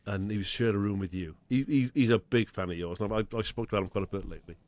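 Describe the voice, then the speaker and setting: A man's voice: fairly low pitch, racing, a little mellow, dry recording. A man hosting a podcast in casual chat, teasing his guest and laughing often. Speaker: podcast host. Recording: faint background noise.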